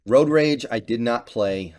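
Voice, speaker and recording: A man's voice: mid-range voice, a little slow, darkish tone. A young man giving casual, offhand gaming commentary, thinking aloud as he ranks games. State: slight cough and voice crack. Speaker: gaming YouTuber. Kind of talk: casual tier-list commentary.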